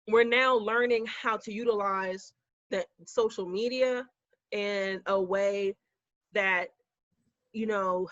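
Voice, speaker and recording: A woman's voice: medium pitch, fairly bright tone, no echo. A woman works through her views in long, thoughtful runs on a casual podcast debate. The sound is a little dull and lo-fi, dry and close. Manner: thoughtful, talks in long reasoning runs with fillers. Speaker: podcast co-host.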